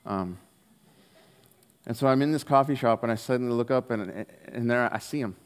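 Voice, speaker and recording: A man preaching a sermon, telling a personal story in an earnest way and dropping his voice softly on the key lines. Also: mid-range voice, normal speed, smooth. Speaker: pastor. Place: church hall. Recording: long hall reverb.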